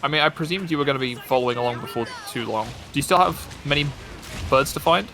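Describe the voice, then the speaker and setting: Man, casual streamer chatter, bright and forceful, rambling and jokey, faint music under. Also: mid-range voice, fast. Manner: rambling, self-interrupting, joking. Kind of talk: casual gaming chat.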